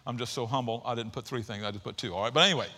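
A man preaching a sermon in church, energetic and conversational, with jokes and casual asides to the congregation. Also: mid-range voice, racing. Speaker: pastor.

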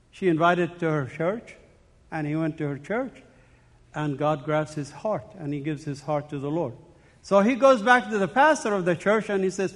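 A man's voice: high voice, expressive, normal speed. A middle-aged man giving an earnest, emotional church testimony, often repeating himself and restarting phrases. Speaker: speaker giving his faith testimony. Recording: long hall reverb.

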